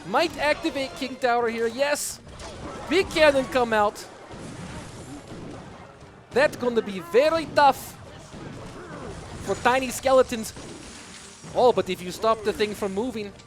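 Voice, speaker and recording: A man's voice: extremely high pitch, measured pace, long pauses. A man putting on a mock Russian accent to commentate a match, dropping his articles in broken English. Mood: playful. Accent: put-on Russian. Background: music.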